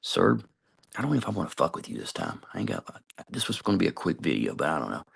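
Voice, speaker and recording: Cursing vlogger ranting about people by name; deep voice, rough with heavy vocal fry, rambly delivery. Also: male voice, wildly swooping pitch, fast. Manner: swears constantly, calls out people by name; trails off, hedges with "I don't know". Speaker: video commentator. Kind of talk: rambling profane rant to camera.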